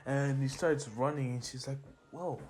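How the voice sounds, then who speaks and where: A man's voice: on the high side, lively intonation, unhurried, darkish tone, faint music behind. A teenage boy narrating a fan-made superhero story in a casual, rambling way with laughing asides and slang.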